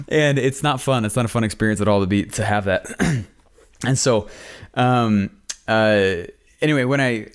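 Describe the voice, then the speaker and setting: A man's voice: fairly low pitch, moderate pace, smooth. A man hosting a podcast, telling stories in a rambling, opinionated, casual way. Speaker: podcast host.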